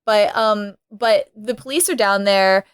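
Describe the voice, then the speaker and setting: A woman's voice: medium pitch, a little slow, smooth, dry recording, studio quality. A young woman co-hosting a podcast, chatting casually and laughing, often acting out movie characters. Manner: animated, laughing, acts out movie characters in quotes. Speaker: podcast co-host. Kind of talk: casual chat.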